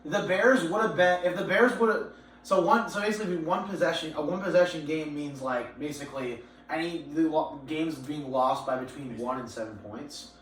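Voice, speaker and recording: A man's voice: a little high, normal speed. A young man co-hosting a casual sports podcast, easygoing and hesitant, with many fillers. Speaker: podcast co-host. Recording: echoey room, far from the mic.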